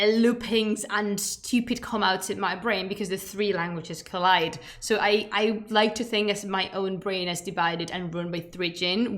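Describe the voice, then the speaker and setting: Here a woman whose native language is Spanish chats casually on her stream, then moves into a history lecture. She is playful and digresses often, with emphatic asides. Her pitch sits in the middle and her tone is fairly bright.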